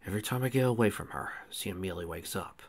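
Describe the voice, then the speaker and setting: Man doing a quiet, evasive young man. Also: low-pitched, very fast, creaky.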